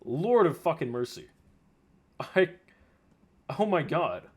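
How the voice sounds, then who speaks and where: A man's voice: on the high side, very animated, takes it slowly, breathy edge. A man reacting to a video with exasperated, profane ranting commentary. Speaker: commentary streamer.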